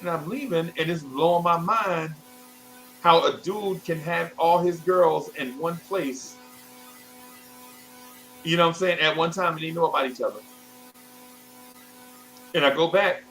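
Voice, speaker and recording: A man's voice: fairly high pitch, low-quality recording. A man in his fifties telling a rambling childhood story in casual talk, jumping into other people's voices as he goes. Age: 50s. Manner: animated, acts out other people's voices in quotes; loose, rambling, restarts and asides. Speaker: show host.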